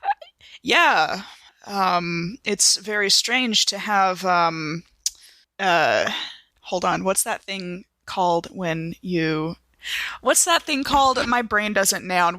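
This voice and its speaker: A woman's voice: medium pitch, pushed and bright, no room sound. A woman playing a prim, genteel woman doctor in a role-play, speaking politely and properly with hesitant ums.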